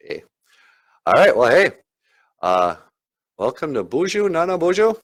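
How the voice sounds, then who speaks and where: A man hosts his podcast in a loose, jokey ramble full of hesitations. His pitch moves up and down freely, so he sounds animated throughout. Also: normal speed, long pauses. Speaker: podcast host. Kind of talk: comedic podcast banter.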